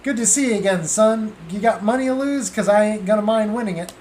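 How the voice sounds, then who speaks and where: A streamer puts on a slick, crooked male gambler with a fake folksy drawl who keeps calling everyone "son". The voice swoops up and down with lively, animated pitch. A faint hiss of noise sits under the read game dialogue. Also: moderate pace, close to an everyday voice. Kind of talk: reading game dialogue aloud.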